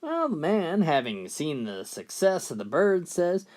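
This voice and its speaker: A man telling a countdown of jokes with animated storytelling. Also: a little high, a little slow, hardly any pauses. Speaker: joke teller.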